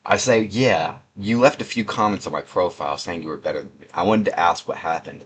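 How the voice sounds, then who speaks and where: A man's voice: sits low, a little fast, few pauses, fairly bright tone, breathy edge. A young man doing casual, sarcastic gaming commentary, reading out chat messages in a rambling, mocking way. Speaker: gaming video creator.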